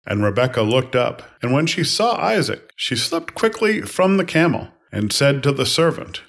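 A man giving a measured, unhurried reading of scripture passages. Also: mid-range voice, creaky. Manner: calm, even, unhurried phrasing. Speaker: scripture reader.

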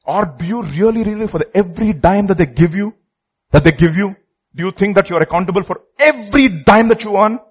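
Husky high-voiced man preaching. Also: a little fast, lo-fi sound. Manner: emphatic, repeats phrases, questions the congregation. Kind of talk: sermon.

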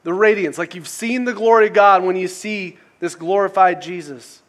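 A man's voice: high voice, moderate pace. A male pastor preaching a sermon in a casual, conversational way, often restarting phrases and asking rhetorical questions.

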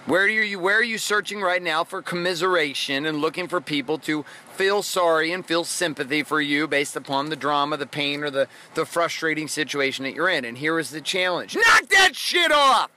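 A man hosts his podcast in a blunt, profane, fired-up monologue. His voice is very bright and sharp, a touch high for a man. Faint street noise hums behind him. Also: fairly even intonation, a little fast, hardly any pauses. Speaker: podcast host. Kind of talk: motivational monologue.

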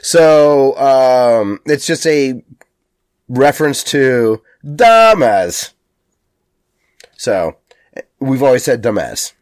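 A man's voice: medium pitch, takes it slowly, darkish tone, clear, resonant tone, no room sound, studio quality. A man from the United States co-hosting a casual chat, rambling with lots of fillers and jokes. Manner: rambling, filler-heavy, joking. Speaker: podcast co-host.

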